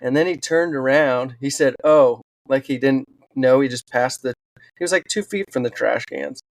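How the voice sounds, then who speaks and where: Speaking at medium pitch and normal speed, with some vocal fry, a man who is a wildland firefighter and author tells personal stories as a podcast guest. His casual interview storytelling is earnest and animated, full of "um"s. There is no room sound.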